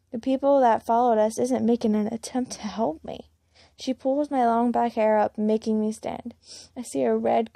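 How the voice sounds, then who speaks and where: Gravelly woman reading a story. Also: on the high side, mellow, dry recording, studio quality. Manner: plain reading with small slips and restarts. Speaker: fan-fiction reader. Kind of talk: first-person story reading.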